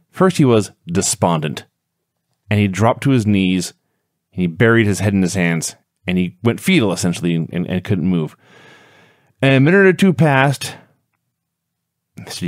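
A man's voice: medium pitch, normal speed, no room sound, studio quality. A man co-hosting a wrestling podcast, recapping a match step by step in casual talk. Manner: steady storytelling recap. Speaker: podcast co-host.

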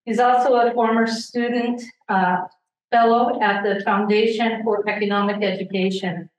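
A woman's voice: mid-range voice, steady tone, normal speed. Woman introducing a guest in an echoey hall. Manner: reads a prepared introduction. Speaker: association president. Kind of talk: formal introduction. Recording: very echoey and distant.

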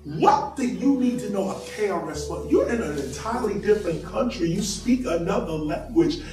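Man lecturing, high voice, lively swoops in pitch, emphatic preaching, echoey hall, heard from afar, faint music behind. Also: normal speed, far from the mic. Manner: animated, preaching, emphatic, chuckles between points. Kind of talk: public lecture to an audience.

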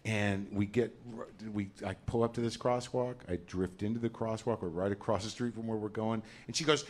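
A man in his forties doing a stand-up comedy set on a club stage, talking in a neurotic, ranting way and loudly acting out voices. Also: fairly low pitch, steady tone, a little fast, hardly any pauses. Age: 40s.

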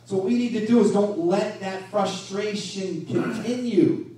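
Male pastor, high voice, lively sermon delivery, distant mic in a very roomy hall. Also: a little slow. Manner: animated preaching with rhetorical questions. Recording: echoey room from a distance.

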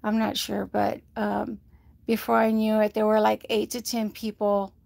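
A woman's voice: mid-range voice, monotone, moderate pace, vocal fry, darkish tone, no echo. A woman giving a rambling, casual health update to livestream viewers, often quoting others and using many fillers, a little short of breath. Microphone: phone.

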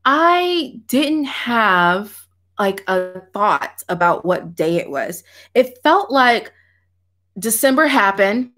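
A woman's voice: medium pitch, sing-song, slow pace, a bit bright. A woman, chatting animatedly with viewers on a livestream from her home office and laughing often. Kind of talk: casual livestream chat.

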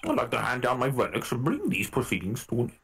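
A man voicing a stern elderly male judge, reading game dialogue aloud in a formal, measured way. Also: medium pitch, wildly swooping pitch, gravelly, fairly bright tone, breathy edge, heavily acted, rough recording. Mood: solemn. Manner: formal, measured courtroom delivery.

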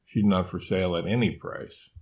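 A man voicing a calm, principled man who firmly refuses to sell his animals, in a storybook reading. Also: deep voice, highs cut off, lightly acted. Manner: firm, measured, formal.

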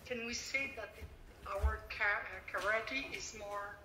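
A woman's voice: medium pitch, slow pace, pushed and bright, slight background noise. A woman student asking her instructor a question hesitantly, searching for words. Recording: faint echoey hall from far off.

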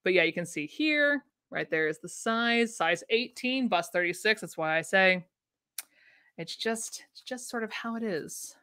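Chatty woman w/ a bright clear voice, gushing on a home livestream. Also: medium pitch, lively intonation, unhurried. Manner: chatty, enthusiastic, answers viewer comments. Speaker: vintage sewing pattern livestream host. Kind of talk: casual livestream chat. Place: home room.

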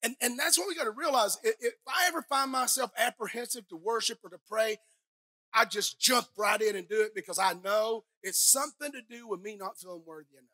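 A middle-aged woman pastor preaches in a church on a clip-on mic. Her voice sits high and bright. She drops to soft asides, climbs to shouted peaks, and jokes with the congregation. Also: fairly quick. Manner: playful, talks directly to the congregation. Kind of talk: sermon. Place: church sanctuary. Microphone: headset or clip-on microphone.

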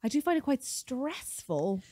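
A woman's voice: high-pitched, big pitch swings, measured pace, dark tone, husky, no echo, clean studio sound. A woman co-hosting a podcast in casual chat, rambling and self-mocking, teasing her co-host.

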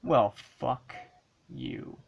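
A woman giving casual commentary while playing an old handheld game, excitable and swearing and yelling at the screen. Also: extremely slow, muffled recording, slight background noise. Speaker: let's play gamer.

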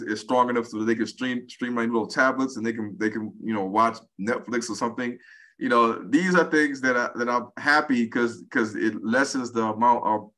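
A man in his forties, a podcast guest chatting casually and acting out quoted speech as he tells stories. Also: medium pitch. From United States. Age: 40s. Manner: animated storyteller, acts out quoted speech. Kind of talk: casual conversation.

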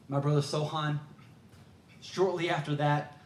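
A man's voice: fairly high pitch, fairly even intonation, takes it slowly, slight background noise. Storytelling preacher, man, earnest and conversational, roomy hall sound. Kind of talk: sermon.

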